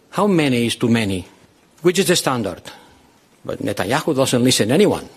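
A man's voice: mid-range voice, lively intonation, fairly quick, breathy edge. A male politician speaking emphatically, piling up rhetorical questions. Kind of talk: press statement.

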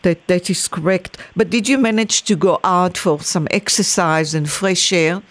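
A woman's voice: on the low side, moderate pace, no room sound. A woman hosting a radio interview, asking questions in an inquisitive, conversational way. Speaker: radio host.

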